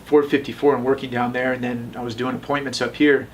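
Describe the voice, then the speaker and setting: A man in his thirties recounts his past in a loose interview, circling back and restarting his sentences often. His pitch sits in an ordinary middle range. A faint hum runs beneath the voice. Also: little pitch movement, quick pace, far from the mic. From Las Vegas, USA. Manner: rambling, with frequent restarts. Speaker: tattoo shop owner. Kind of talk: casual storytelling interview.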